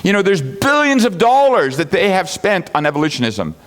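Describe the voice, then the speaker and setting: A man teaching a congregation in an animated, conversational way. He keeps asking rhetorical questions and chuckles at his own asides. When he quotes other people, he lifts his voice to act them out. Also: sits high, fairly quick. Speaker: Bible teacher.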